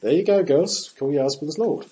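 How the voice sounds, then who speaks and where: Speaking at an ordinary pace in a slightly high voice, a man delivers a conversational Bible sermon on a rough recording. He's lively, talking straight to the listeners and performing each quote he reads with a shifting voice.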